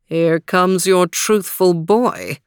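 Storybook villain: woman reader playing a mocking older lord, drawn-out delivery, dry sound. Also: lowish voice, clean tone, no room sound. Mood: gloating. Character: smug scheming older nobleman.

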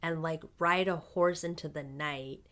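Woman podcast guest, lowish voice, dry quips, casual chat. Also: steady tone, unhurried, fairly bright tone. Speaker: guest co-host.

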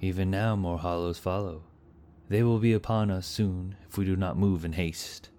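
A man's voice: low-pitched, steady tone, normal speed, dark tone, natural voice. A man voicing a steadfast, grim male knight who speaks in raised, urgent declarations.

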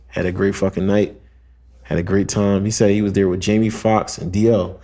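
A man's voice: fairly low pitch, little pitch movement, moderate pace, dark tone. A young man on a podcast, telling a long story in casual slang, acting out quotes and using lots of fillers. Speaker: podcast co-host.

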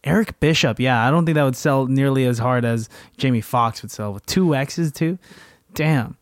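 A man's voice: mid-range voice, moderate pace, dry recording. Laid-back man with a dry sound. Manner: laid-back, says dude and um a lot, swears. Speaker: podcast co-host. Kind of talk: casual movie review chat.

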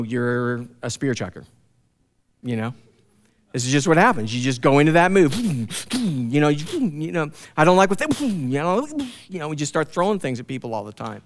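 A man pastor preaching a conversational sermon, reading scripture aloud and explaining it with emphatic asides. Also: mid-range voice. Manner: conversational, emphatic, frequent "you know" and "man".

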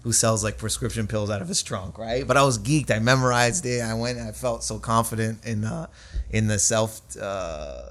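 A man's voice: lowish voice, normal speed, a bit bright. A man, a stand-up comic telling profane anecdotes in a casual podcast chat, laughing often and acting out quotes.

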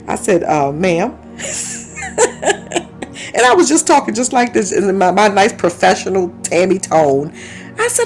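A woman's voice: mid-range voice, moderate pace, long pauses, faint music behind. A woman in her fifties preaching a conversational sermon, telling stories with laughs and asides and breaking into speaking in tongues. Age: 50s. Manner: lively storytelling with laughs and asides.

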